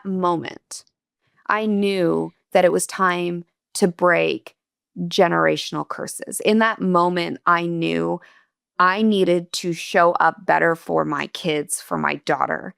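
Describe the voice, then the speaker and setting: A woman's voice: fairly low pitch, fairly even intonation, slow, vocal fry, fairly bright tone, clean tone, no room sound, studio quality. A woman guest on an interview podcast, earnestly and candidly telling a personal story in a reflective, emotional way.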